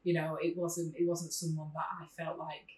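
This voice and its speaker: A woman's voice: low-pitched, monotone, normal speed, darkish tone. A woman from England, chatting as a podcast guest and telling stories animatedly, swearing freely and laughing often. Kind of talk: casual chat. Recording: echoey room, distant mic.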